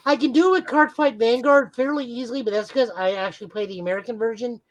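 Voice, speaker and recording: Speaking fast with an extremely high pitch and fairly even intonation, a man co-hosts a casual podcast. He rambles on at length as an enthusiastic fan, and the recording quality is low.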